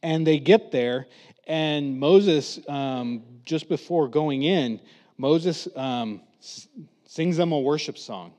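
Brief: male preacher, a bit higher than average, animated storytelling sermon delivery. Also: slow, long reverb tail. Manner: animated, acts out quotes with voices.

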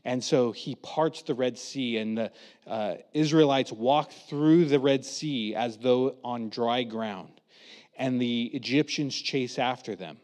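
A man preaching a lively storytelling sermon, acting out quotes in different voices. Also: medium pitch, slow, in a large hall. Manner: animated, acts out quotes with voices.

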